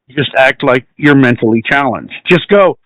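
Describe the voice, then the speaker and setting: Joking American man, lively voice. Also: medium pitch, moderate pace, dry recording, low-quality recording. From United States. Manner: joking and crude, acts out silly scenes. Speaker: podcast host. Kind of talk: casual banter on a live podcast.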